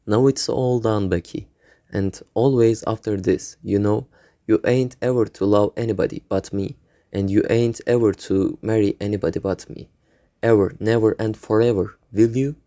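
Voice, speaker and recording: A man reading the part of a bold, mischievous schoolboy, pausing with small hums. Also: lowish voice, steady tone, dark tone, no echo, close to an everyday voice. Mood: pleading. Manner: reads with hesitant hums.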